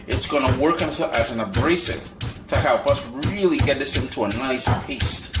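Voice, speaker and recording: A man's voice: mid-range voice, lively intonation, moderate pace, reverberant, loud music behind the voice. A man hosting a home cooking demonstration, chatty and folksy, talking straight to his viewers. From Trinidad and Tobago. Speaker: cooking show host. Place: home kitchen.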